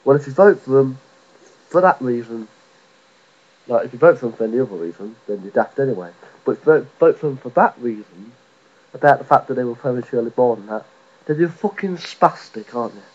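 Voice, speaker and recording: A man's voice: mid-range voice, expressive, a little fast, darkish tone. Sweary man ranting, lo-fi recording. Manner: rambling, sweary, mocking. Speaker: vlogger. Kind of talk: profane rant to camera.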